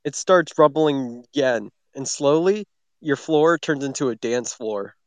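Man, game master for an improv story, mid-pitched, dry close sound. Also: a little slow, clear, resonant tone, no room sound. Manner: loose, filler-heavy scene-setting. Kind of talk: improvised narration.

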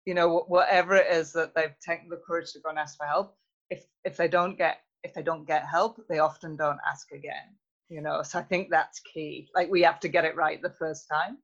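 Podcast guest, measured and reflective, mid-pitched, muffled lo-fi sound. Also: fairly even intonation, a bit bright. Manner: thoughtful, measured, with frequent fillers. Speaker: interview guest, youth health researcher. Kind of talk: conversational interview.

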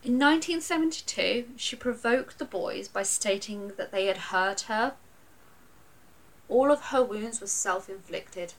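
A woman's voice: mid-range voice, animated, unhurried, low-quality recording. A woman co-hosting a podcast, telling a true crime case in a casual chatty way. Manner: storytelling, reads out dates and facts. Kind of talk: casual chat, reading a case.

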